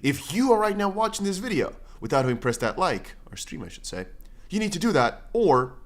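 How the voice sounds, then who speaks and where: Hosting a crypto livestream, a man reads viewer comments aloud and chats casually, rambling with many restarts and playful asides. His voice is high-pitched, very animated, and brisk.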